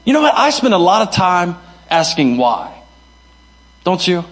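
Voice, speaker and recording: A man preaching a sermon as pastor, moving between sudden high shouts and soft low asides, and acting out the voices of people he quotes. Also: very animated, unhurried.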